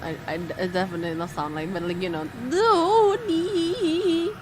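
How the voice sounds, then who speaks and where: A woman's voice: on the low side, noisy background. A woman streamer reading a horror visual novel aloud, breaking off into jumpy, frightened exclamations. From Indonesia. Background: game music.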